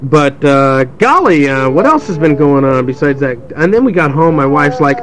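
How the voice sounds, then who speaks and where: A young adult man with a slightly high voice and big pitch swings tells a rambling, sarcastic story at an unhurried pace during a casual chat. He mimics crowd voices as he goes and restarts often, with background noise audible.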